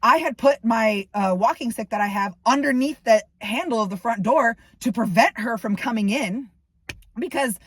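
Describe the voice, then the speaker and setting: A woman's voice: fairly high pitch, normal speed, slightly rough, no echo. A woman venting to camera, ranting in heated, profane bursts about a falling-out. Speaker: vlogger. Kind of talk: angry personal venting to camera.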